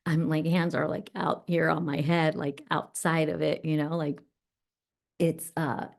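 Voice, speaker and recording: A middle-aged woman hosting a podcast, telling a personal story in an animated, reflective way. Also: low-pitched, a little slow, gravelly. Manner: animated, reflective, acts out voices. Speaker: podcast host.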